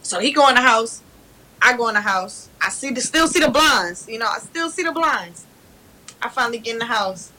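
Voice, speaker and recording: A young woman telling a story in casual chat, animated and laughing, loudly acting out what others said. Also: fairly high pitch, normal speed, rough recording.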